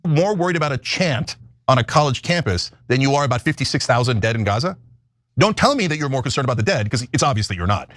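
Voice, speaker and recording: A man's voice: medium pitch, lively intonation, fast talker, a bit bright, no room sound, studio quality. A man delivering heated, sarcastic political commentary as a show host, ranting with passion.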